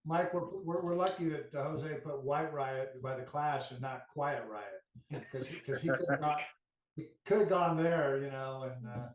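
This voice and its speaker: A middle-aged man co-hosting a casual music podcast, talking in a relaxed, wry way with dry humor. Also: medium pitch, unhurried, a little hiss or hum. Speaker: podcast co-host. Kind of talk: casual chat. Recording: roomy echo.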